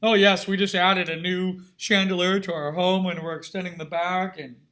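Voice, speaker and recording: A haughty, wealthy party woman bragging in a breezy, high-toned voice, as a man puts her on. She sounds loud and pleased with herself, lifted a little above his usual pitch. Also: little pitch movement, normal speed. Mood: smug.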